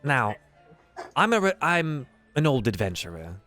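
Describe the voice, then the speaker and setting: A man's voice: medium pitch, big pitch swings, a little slow, bright, forceful tone, soft background music, voice pushed up. A man voicing a genial retired male adventurer who works as a sly, friendly faction contact.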